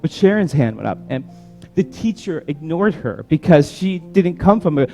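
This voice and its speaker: A man's voice: a little high, moderate pace, soft background music. A man preaching a sermon as pastor, telling a story and leading into prayer. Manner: animated storytelling, building to prayer.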